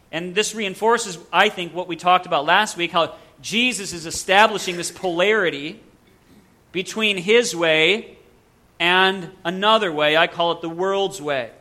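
Male pastor, preaching, high bright voice, slow deliberate delivery, earnest. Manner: earnest preaching with rhetorical questions and dramatic pauses. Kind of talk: sermon.

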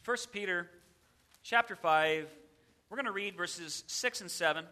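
Male pastor, high bright voice, emphatic sermon delivery in a church. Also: measured pace. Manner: emphatic preaching, repeating a verse with shifting emphasis. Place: church sanctuary.

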